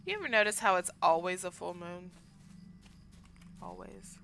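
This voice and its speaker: A woman from the American South with a Southern accent, chatting casually and excitedly while playing a game, rambling with lots of fillers. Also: fairly low pitch, moderate pace, background noise. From Southern United States. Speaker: gaming channel host.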